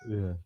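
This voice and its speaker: A man's voice: mellow, dry recording. A man from England with a standard Southern English accent, a podcast guest talking in easygoing casual chat.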